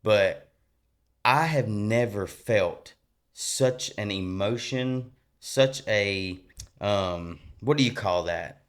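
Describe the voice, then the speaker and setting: A man sharing his personal faith testimony as a podcast guest, earnest and animated, talking in a colloquial, rambling way with many restarts. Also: lowish voice, very slow, clean tone.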